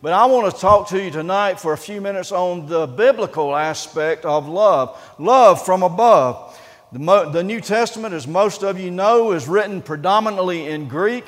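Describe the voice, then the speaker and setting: A pastor preaching a sermon in an earnest, halting way, often pausing on "uh" and restarting his sentences. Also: high-pitched, big-room sound.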